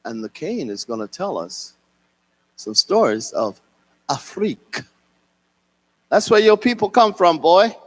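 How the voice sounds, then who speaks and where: A man voicing an old grandfather who coaxes a small boy in slow, fatherly phrases. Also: a little high, very animated, big-room sound. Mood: earnest. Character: old grandfather, patient and proud storyteller.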